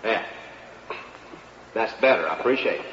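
A man's voice: fairly low pitch, lively intonation, normal speed, fairly bright tone, a little hiss or hum. Folksy man spinning a tall tale. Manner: folksy drawl, rambling and earnest. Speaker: comic storyteller. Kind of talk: comic storytelling monologue. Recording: roomy dull live recording.

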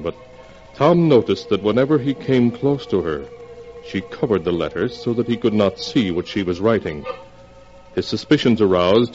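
A very deep-voiced man narrating an old radio drama, measured and grave. The sound is dull and lo-fi, with faint music underneath, like a vintage broadcast. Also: a little mellow. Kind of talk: scripted narration.

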